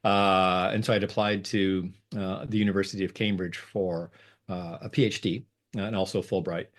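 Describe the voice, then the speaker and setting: A middle-aged man, a lawyer and negotiator, talking as a guest in a conversational interview, with many fillers and restarts. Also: moderate pace. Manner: rambling with many fillers and restarts, lively pitch jumps.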